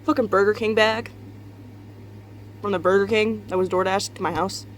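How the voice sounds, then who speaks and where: A woman's voice: mid-range voice, fairly even intonation, normal speed, slight background noise. A young woman, tired and just out of bed, rambling candidly in a casual confessional vlog from her bedroom, swearing and laughing often. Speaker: vlogger. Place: bedroom at home.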